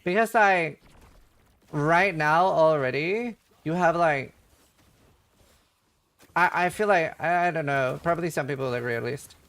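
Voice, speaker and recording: Chatty higher-voiced male streamer. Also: unhurried, pauses often, fairly bright tone. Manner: rambling, laughing storyteller. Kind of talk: casual livestream chat.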